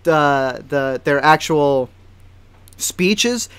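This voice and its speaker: A man co-hosting a casual podcast, talking in slang and jumping in with quick reactions. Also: on the high side, animated, a bit bright, clean tone, no room sound. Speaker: podcast co-host.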